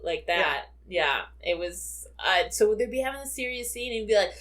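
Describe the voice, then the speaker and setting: A woman's voice: mid-range voice, animated, normal speed, few pauses, a bit bright. A woman co-hosting a podcast, chatting casually about a film with many fillers and frequent laughter. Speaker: podcast co-host.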